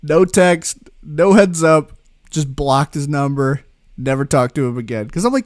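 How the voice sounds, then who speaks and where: A man hosting a podcast, telling a casual story in an animated, laughing and profane way. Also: fairly high pitch, unhurried, no echo, clean studio sound. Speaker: podcast host.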